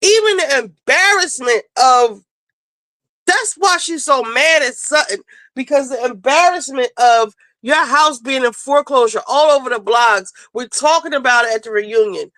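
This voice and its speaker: Female host, high voice, dry close sound, blunt and profane, casual commentary. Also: no room sound, poor audio. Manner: blunt, profane, fast-talking, animated. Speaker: show host. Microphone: home streaming setup.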